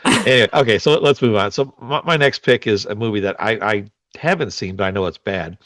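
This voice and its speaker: A man's voice: fairly low pitch, lively intonation, brisk, fairly bright tone, no echo. A man co-hosting a podcast, casually chatting with an opinionated, grumbling, sarcastic manner. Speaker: podcast co-host. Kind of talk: casual chat.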